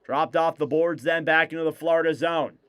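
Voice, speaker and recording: A man with a smooth, clear voice that sits a little high for a man delivers live hockey play-by-play. He fires off rapid, clipped calls and lifts his voice whenever a shot goes in. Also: fairly even intonation, a bit bright. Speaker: play-by-play commentator.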